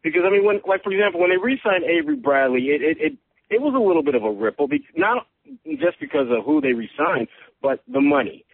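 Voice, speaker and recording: A man's voice: fairly high pitch, very animated, quick pace, vocal fry, slightly rough, no echo. A man, a sports reporter calling into a podcast, giving analysis with frequent stammering restarts. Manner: thinking aloud, stammering restarts. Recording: tinny phone line.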